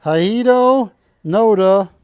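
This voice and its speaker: A middle-aged man calls bids on a live shopping broadcast, drifting into jokes and asides. His voice sits high and moves at an unhurried pace, recorded close and dry in the studio. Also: a little mellow, clear, resonant tone, dry recording. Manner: chatty, jokey, rambling between bid calls. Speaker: auctioneer host of a shopping show. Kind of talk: live TV auction sales patter.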